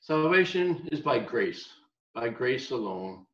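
A male preacher giving a sermon, reading scripture and dropping to a soft voice on key points. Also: mid-range voice, sing-song, takes it slowly, reverberant, muffled recording. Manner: expository, reads scripture aloud, drops softer on key points.

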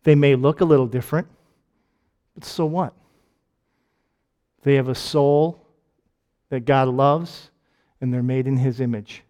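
A man with a Michigan accent preaching a conversational sermon, firing off rhetorical questions and jokes and swinging between loud and quiet. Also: medium pitch, a little slow, long pauses, lo-fi sound. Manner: asks lots of rhetorical questions.

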